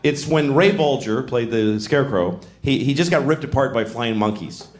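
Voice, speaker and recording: A middle-aged man doing a stand-up comedy set in a large venue, talking in an animated way and acting out voices. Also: normal speed. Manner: animated, acts out voices with big jumps in pitch. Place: large venue with a live audience. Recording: roomy live hall with crowd noise. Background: audience laughter.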